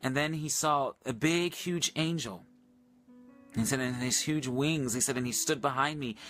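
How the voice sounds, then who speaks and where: Earnest man, bright voice. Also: normal speed, soft background music. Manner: earnest storytelling, retells dialogue, many "I said"; gets excited and loud at high points. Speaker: minister hosting a livestream. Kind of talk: casual testimony livestream.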